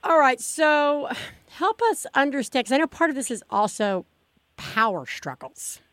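A woman co-hosting a podcast, asking questions in casual chat with a halting, self-deprecating manner. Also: sits high, expressive, fairly bright tone, dry recording. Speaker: podcast co-host.

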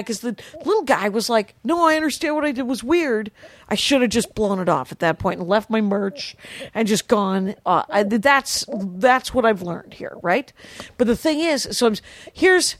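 A woman co-hosting a podcast, telling a story in casual chat and acting out the people in it with quoted voices. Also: on the high side. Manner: animated retelling with quoted voices. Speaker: podcast co-host. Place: podcast studio.

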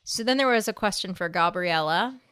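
Woman co-host, bright, dry close mic, lively storyteller. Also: medium pitch, normal speed, clean tone, no echo. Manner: animated storyteller, acts out quotes. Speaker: podcast co-host. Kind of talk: casual chat, retelling a séance.

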